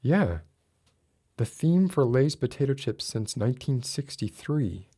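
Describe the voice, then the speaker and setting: Dude ranting at his stream chat, kinda husky, voice jumps up when he gets worked up. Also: medium pitch, big pitch swings, measured pace, dark tone. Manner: rants with mock outrage, voice rising when worked up. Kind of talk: casual chat with a live audience.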